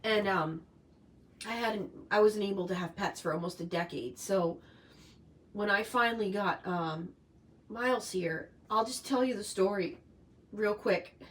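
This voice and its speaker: A woman's voice: medium pitch, measured pace. A middle-aged woman chatting on a live stream, rambling and emotional, with many fillers and restarts. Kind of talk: casual live-stream chat.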